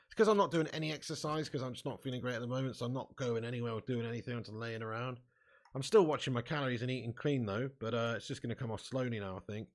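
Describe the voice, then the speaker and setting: A man's voice: mid-range voice, rapid-fire. A man live-streaming a football game, bantering casually with his chat, reading out comments and swearing freely.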